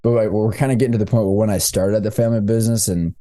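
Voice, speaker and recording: A man's voice: fairly low pitch, fairly even intonation, rapid-fire, mellow. A man in his thirties, a podcast guest telling his story in a candid, loose, casual way, with slangy asides and frequent restarts. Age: 30s.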